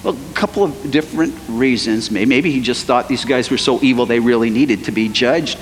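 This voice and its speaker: A man preaching a sermon as pastor, animated, acting out the voices of biblical figures. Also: mid-range voice, a little fast. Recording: long hall reverb, faint noise.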